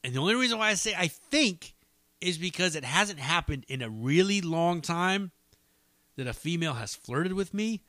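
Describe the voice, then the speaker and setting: A man talking alone into a podcast mic in loose, meandering chat, cursing freely and poking fun at himself. His voice is bright and forward, and the sound is dry and close with no room around it. He wanders between thoughts, full of "um" and "uh.". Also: sits high, lively intonation, normal speed, no echo. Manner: rambling, profane, self-deprecating, many fillers. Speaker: podcast host. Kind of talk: casual solo podcast rambling.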